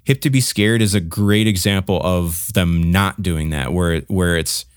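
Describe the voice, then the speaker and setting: A man's voice: low-pitched, unhurried, smooth, dry recording, clean studio sound. A man co-hosting a podcast, chatting casually about albums with lots of fillers and restarts, humming riffs as he goes. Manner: rambling, many fillers and restarts, hums riffs. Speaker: podcast co-host. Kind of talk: casual music review chat.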